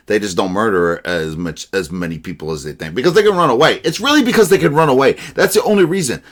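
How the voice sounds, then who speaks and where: A man giving casual reaction commentary in a rambling, animated, profane way. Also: lowish voice. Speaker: video reaction host.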